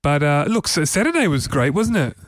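A man's voice: a little high, very animated, brisk, no room sound. A man hosting a casual tech podcast from a studio, talking in a loose, chatty way with frequent restarts. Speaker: podcast host.

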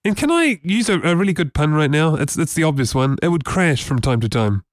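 A man co-hosting a casual tech podcast, playful and halting, often restarting his sentences. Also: fairly high pitch, lively intonation, no echo, studio quality. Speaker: podcast co-host.

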